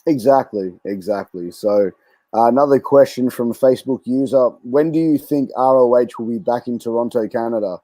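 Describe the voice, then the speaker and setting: A man's voice: mid-range voice, moderate pace, dark tone, dry recording. An Australian man hosting a casual podcast interview, friendly and quizzing his guest on slang. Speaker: podcast host.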